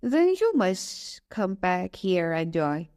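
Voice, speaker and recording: A woman's voice: fairly low pitch, very animated, slow pace, darkish tone, pitched below the performer's own voice. A woman voicing a huge, angry male beast in a storybook, stern and scolding.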